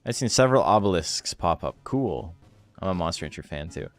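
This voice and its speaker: A man's voice: sits low, expressive, fairly quick, dry recording, soft background music. A man casually commentating a game stream, reading game text aloud with wry, offhand remarks.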